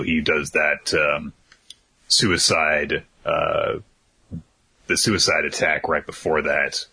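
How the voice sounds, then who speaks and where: A man's voice: extremely low pitch, sharp tone, slightly rough. A man co-hosting a podcast, talking casually and bluntly, with many fillers. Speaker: podcast co-host.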